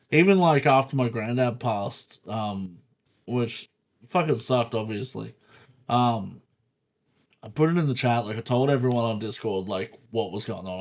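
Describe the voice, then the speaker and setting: A man's voice: medium pitch, moderate pace. Man, podcast co-host, casual banter, laid-back, swears often, laughs a lot, mid-range voice, desktop USB mic. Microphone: desktop USB microphone.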